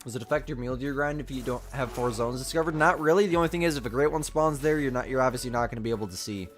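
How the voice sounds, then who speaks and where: A man's voice: medium pitch, rapid-fire, faint music behind. Male game streamer, young adult, laid-back live commentary, answers chat, slight cough. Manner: casual, reads and answers chat aloud.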